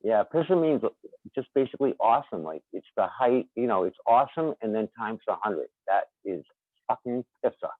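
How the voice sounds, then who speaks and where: A man's voice: fairly low pitch, lively intonation, fairly quick, no room sound. A man with a Boston accent, chatting as a podcast guest in a rambling, chuckling way. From Boston area, USA. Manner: rambling, chuckling, repeats himself. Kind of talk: casual chat. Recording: tinny phone-like call line.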